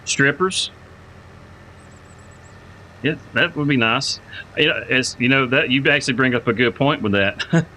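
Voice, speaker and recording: A man hosts a live game stream, rambling casually and greeting viewers by name. His voice is bright and forward. Faint game noise sits quietly behind him. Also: mid-range voice, unhurried, pauses often, low-quality recording. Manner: rambling, repeats words while thinking aloud. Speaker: livestreamer playing a farming game.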